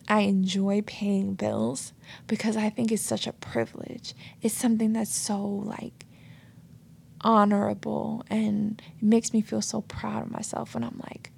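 A woman's voice: medium pitch, fairly even intonation, slow pace, vocal fry, darkish tone, a little hiss or hum. A woman hosting a reflective solo podcast, telling stories in a casual, earnest way. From United States. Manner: casual, earnest, storytelling with many "like" and "you know". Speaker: podcast host. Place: New York City.

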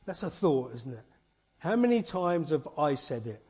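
Brief: man, church elder preaching, warm husky voice, fairly high, earnest and conversational. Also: big pitch swings, normal speed. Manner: earnest, chatty preaching with rhetorical questions and asides. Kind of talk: informal sermon.

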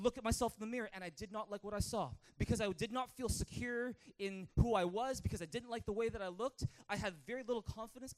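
A man with a Canadian accent preaching a lively sermon in church, calling for amens and acting out a childhood story. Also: sits high. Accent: Canadian English. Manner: energetic, calls for amens, tells stories with acted-out voices. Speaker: pastor.

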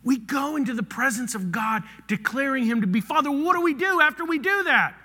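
Animated preacher in a reverberant hall. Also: male voice, very high-pitched, fairly quick. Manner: animated, swings from loud to hushed. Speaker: pastor. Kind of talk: sermon.

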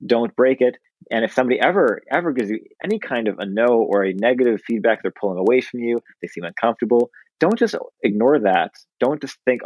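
A man's voice: medium pitch, lively intonation, quick pace, darkish tone, no echo, low-quality recording. A man talking frankly and emphatically on a podcast, blunt and earnest. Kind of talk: frank casual discussion.

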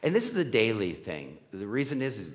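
A man's voice: lowish voice, wildly swooping pitch, a little fast. A man preaching a sermon in a conversational way, often checking in with the room with "right?". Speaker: pastor. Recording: reverberant hall.

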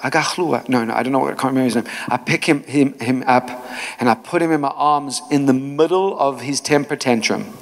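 A man preaching a sermon in a church, telling stories in an animated way with many asides. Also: mid-range voice, a little fast. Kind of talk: storytelling sermon. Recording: long hall reverb.

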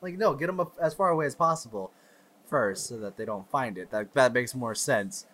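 A man's voice: mid-range voice, animated, moderate pace, a bit bright. A man co-hosting a podcast, eagerly retelling movie scenes in casual chat. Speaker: podcast co-host.

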